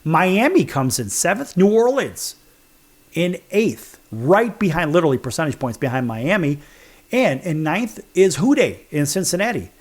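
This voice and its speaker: A man's voice: a little high, big pitch swings, moderate pace. A man from Chicago hosting a sports talk show, counting down rankings with sarcastic, wisecracking emphasis. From Chicago, USA. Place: studio.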